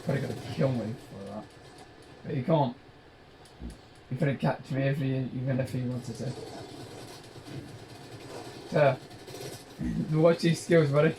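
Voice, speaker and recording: Slow-talking British man narrating gameplay. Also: mid-range voice, background noise. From Britain. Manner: rambling, jokey, self-described dull talker. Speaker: gaming channel host. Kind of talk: gameplay commentary.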